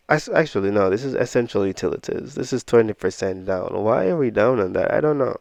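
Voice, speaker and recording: Gravelly low-voiced man thinking aloud. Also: expressive, brisk, darkish tone, no echo. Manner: rambling, self-deprecating, thinking aloud with frequent "I don't know". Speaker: investing vlogger. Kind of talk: casual portfolio walkthrough.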